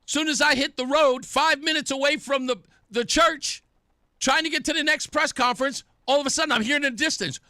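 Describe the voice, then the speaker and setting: A man's voice: very high-pitched, a little fast, dry recording, studio quality. A man hosting a talk radio show, delivering an opinionated, mocking monologue and acting out other people's voices. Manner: animated, mocking, acts out voices.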